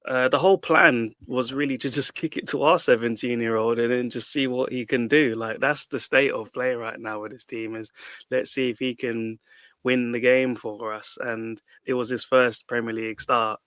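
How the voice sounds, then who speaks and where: A man's voice: mid-range voice, fairly even intonation, moderate pace, a bit bright, dry recording. A man on a football podcast, letting off steam in a long rant. He swears freely and restarts his sentences. His voice is dry and close, with no room sound. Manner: ranting, sweary, restarts a lot. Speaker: podcast panelist. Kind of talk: casual football debate.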